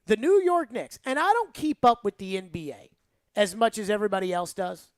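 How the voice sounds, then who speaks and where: A woman's voice: medium pitch, expressive, brisk, no room sound. Emphatic woman sports radio host, dry. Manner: emphatic, rambling, says "like" a lot. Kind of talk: opinionated sports talk radio.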